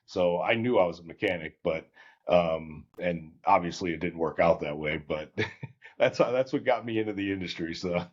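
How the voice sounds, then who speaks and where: A middle-aged man telling a story in a casual interview, lively, acting out quotes, with many restarts. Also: sits low, normal speed. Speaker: guest, auto service company founder. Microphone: podcast microphone. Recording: slightly dull lo-fi sound.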